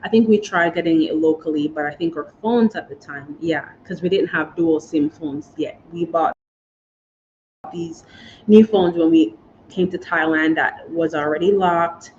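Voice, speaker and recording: A woman tells her own story to her viewers, chatty and fighting back tears, and calls them y'all. Her voice sits a little low. The recording sounds slightly muffled, with a faint hiss behind it. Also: measured pace, darkish tone. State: choked up with emotion. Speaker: vlogger sharing moving-abroad experiences. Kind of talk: emotional personal storytelling.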